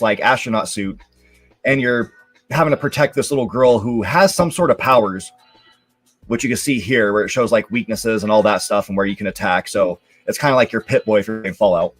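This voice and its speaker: Casual rambling man hosting a live show. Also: mid-range voice. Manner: relaxed, rambling, lots of fillers. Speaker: show host. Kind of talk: casual live-stream commentary.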